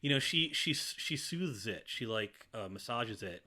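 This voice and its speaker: Lively, bright-voiced man chatting. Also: medium pitch, a little slow. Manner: animated, laughing, acts out quotes. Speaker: podcast co-host. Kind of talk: casual chat.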